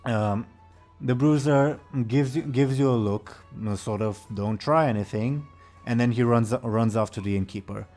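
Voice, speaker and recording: A man's voice: mid-range voice, steady tone, normal speed, warm tone, faint music behind. A man narrating a tabletop game as game master, casual and laughing often.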